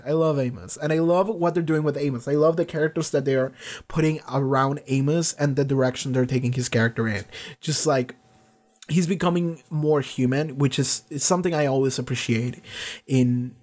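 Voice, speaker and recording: Reaction streamer, male, higher-pitched, eager and chatty, casual and rambling. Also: a little mellow. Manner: enthusiastic, rambling, laughs often. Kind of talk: casual excited commentary.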